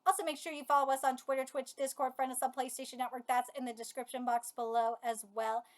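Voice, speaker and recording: A woman's voice: high-pitched, little pitch movement, fast. A woman hosting a live manga reaction, exclaiming and swearing in disbelief, laughing, and talking straight to her viewers. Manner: addresses viewers directly.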